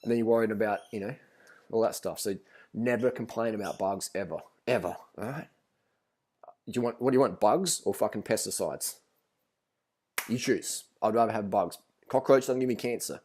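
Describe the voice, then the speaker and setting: A man's voice: lowish voice, brisk, a little mellow. Male vlogger, rambling storyteller, swears freely, blunt and casual.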